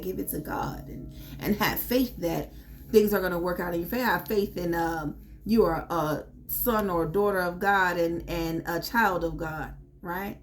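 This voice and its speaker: A tarot reader, a woman of medium pitch, talks over slight background noise while doing a casual reading. Blunt and foul-mouthed, she cheers her audience on with emphatic, pep-talk energy.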